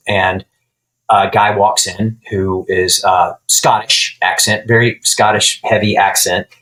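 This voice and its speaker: Low-voiced man telling a long story. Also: rough recording. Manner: relaxed storyteller who acts out quoted dialogue. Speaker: guitar builder guest. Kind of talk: casual storytelling interview.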